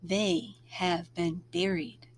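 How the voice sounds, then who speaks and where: A woman reading aloud, voicing a gentle, wise spirit rabbit that speaks slowly and softly in a lowered voice. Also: steady tone, slight background noise. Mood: solemn. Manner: slow, soft, solemn.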